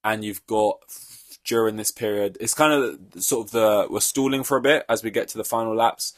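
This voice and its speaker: A man's voice: on the low side, normal speed, no echo, studio quality. A young man hosting a solo podcast, reacting to a race in an offhand, rambling way, swearing freely. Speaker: podcast host.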